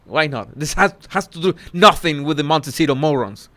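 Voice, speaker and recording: A man hosting a casual live commentary, talking haltingly with many restarts and self-corrections. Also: fairly high pitch, expressive, pushed and bright. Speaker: social commentary host.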